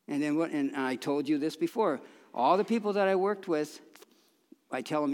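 A man's voice: on the high side, moderate pace, a little mellow. A man preaching a sermon in a folksy, conversational way, with restarts and bursts of emphasis. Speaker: pastor. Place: church sanctuary. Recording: long reverb of a church hall.

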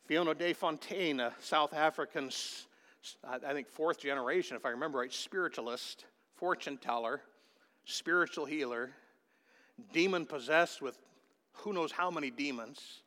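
A man's voice: on the high side, normal speed, bright, forceful tone. A man preaching a sermon as pastor, emphatic and calling out to the congregation. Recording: long hall reverb.

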